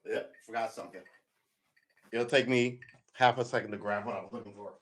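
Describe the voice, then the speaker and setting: A man's voice: fairly low pitch, steady tone, a little fast, fairly bright tone, breathy edge. A man chatting casually on a home live stream, rambling and joking as he snacks, often laughing. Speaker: vlogger.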